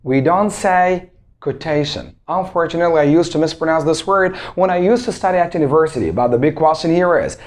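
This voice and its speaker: A young man with an Arabic accent teaching English pronunciation, drilling words slowly and asking his viewers rhetorical questions. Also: fairly high pitch. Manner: emphatic, drawn-out word drills and rhetorical questions. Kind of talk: spoken English lesson.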